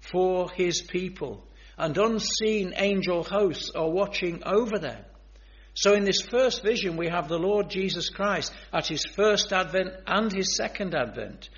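A man preaching a sermon, earnest and emphatic, often turning to speak straight to his listeners. His voice sits a little high for a man. The recording is dull and lo-fi. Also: a bit bright. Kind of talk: sermon on biblical prophecy.

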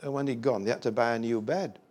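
A man's voice: mid-range voice, fairly even intonation, fast, darkish tone. A man preaching a sermon, reading Scripture aloud and breaking off into folksy, rambling asides with sudden emphatic bursts.

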